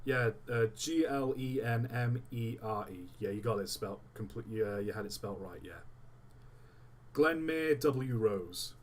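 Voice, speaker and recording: A man's voice: on the low side, fairly even intonation, moderate pace, hardly any pauses. A man streaming live, chatting casually and thinking aloud while he builds a model, often distracted mid-sentence.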